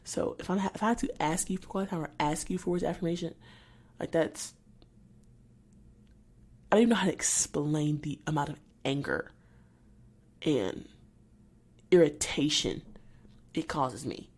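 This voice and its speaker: Irritated woman venting, low and mellow. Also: slightly rough. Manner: irritated, venting, halting with many restarts. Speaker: podcast host. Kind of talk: solo podcast monologue.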